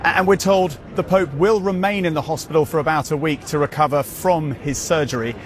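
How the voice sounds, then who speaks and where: A male correspondent giving a field news report from outdoors in a city square, in a measured reporting tone. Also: fairly high pitch, slight background noise. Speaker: foreign correspondent.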